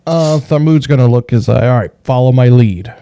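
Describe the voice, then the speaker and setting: A man playing a tabletop game, loudly declaring his character's actions. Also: medium pitch, moderate pace, clean tone, no room sound, studio quality. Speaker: player.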